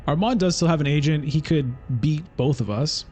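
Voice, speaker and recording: A man's voice: fairly high pitch, normal speed, dark tone, soft background music. A man giving casual, chatty commentary as he plays a digital board game, thinking aloud. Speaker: streamer.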